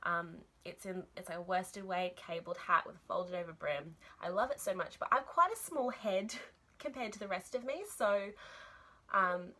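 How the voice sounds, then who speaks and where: A woman's voice: on the low side, moderate pace, pushed and bright. A young woman hosting a knitting podcast, chatting enthusiastically about her projects with frequent ums and little laughs.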